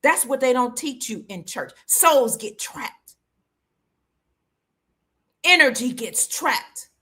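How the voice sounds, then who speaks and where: A woman's voice: high-pitched, very animated, slow, pushed and bright. A woman in her forties telling a personal story with an emotional, preacher-like cadence and repetition. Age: 40s. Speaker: host.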